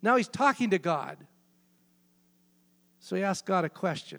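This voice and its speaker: A man's voice: high voice, animated, moderate pace, gravelly, sharp tone. A man preaching a sermon, emphatic and repeating key phrases for weight. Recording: long hall reverb.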